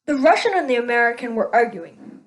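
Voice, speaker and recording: A woman's voice: on the high side, animated, brisk, low-quality recording. A woman hosting her own show, telling a string of jokes and laughing at her own punchlines. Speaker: show host.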